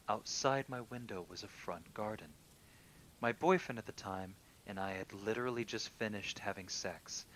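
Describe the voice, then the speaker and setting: A man calmly reading true horror stories aloud, sometimes dropping to a hushed near-whisper. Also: a little hiss or hum. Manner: calm, low-key reading that drops into hushed near-whispers. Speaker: horror story reader.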